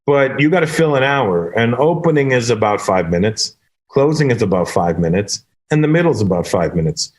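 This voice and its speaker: A male comedian tells stories in a loose, animated conversational way. He keeps slipping into quoted voices to act out scenes, and his voice sits in an ordinary middle range. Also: mid-range voice. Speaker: stand-up comedian, guest. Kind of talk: casual storytelling in conversation.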